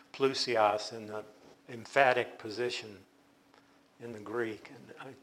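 A man's voice: medium pitch, fairly bright tone. A man teaching a Bible study, explaining patiently and often restarting his sentences. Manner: explanatory, unhurried, with frequent restarts.

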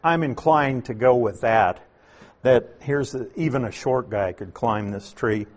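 A man's voice: mid-range voice, a little slow. A man preaching a conversational expository sermon, explaining Greek words with asides to the listeners. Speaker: pastor.

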